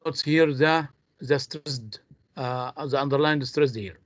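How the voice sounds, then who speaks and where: A man's voice: mid-range voice, takes it slowly, a bit bright, no room sound. A man teaching English in an online class. He speaks, his tongue is Arabic, and he explains patiently, step by step. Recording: dull lo-fi online call audio.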